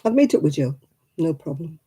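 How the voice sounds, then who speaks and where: Husky, dark-voiced woman. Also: low voice, big pitch swings, brisk. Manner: chatty, rambling, laughs often. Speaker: craft live-stream host. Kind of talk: casual live-stream chat.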